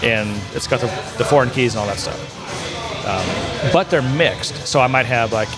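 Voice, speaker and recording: A man's voice: mid-range voice, unhurried, loud music behind the voice. A man co-hosting a casual technical chat, rambling and self-correcting as he explains integration work with enthusiasm. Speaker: podcast co-host, software integration developer.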